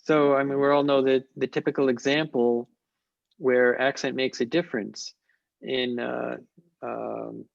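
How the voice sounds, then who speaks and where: A man speaking at a conference, answering questions in a measured, thoughtful way with frequent pauses and restarts. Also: medium pitch, little pitch movement, gravelly, no echo, highs cut off. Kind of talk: academic Q&A on an online call.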